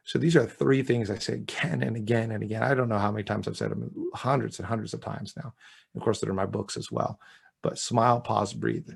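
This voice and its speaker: Male speaking coach as guest, gravelly husky voice, punchy and emphatic. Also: lowish voice, fairly even intonation, brisk. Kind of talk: interview chat.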